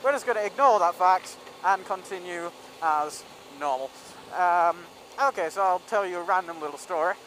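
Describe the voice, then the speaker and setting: A man's voice: high-pitched, moderate pace, fairly bright tone, slight background noise, rough recording. A young man telling a rambling story in a casual vlog, full of ums and restarts. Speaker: vlogger.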